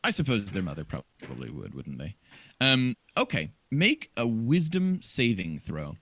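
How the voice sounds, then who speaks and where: A man's voice: fairly low pitch, big pitch swings, measured pace, fairly bright tone, dry recording. A man acting as game master, calling turns and bantering in a wry, distracted way. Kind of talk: running a tabletop game over voice chat.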